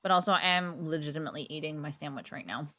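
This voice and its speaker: A woman's voice: low-pitched, fast, pushed and bright. A woman streamer chatting casually and playfully with her live audience. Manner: playful, talks to chat while eating.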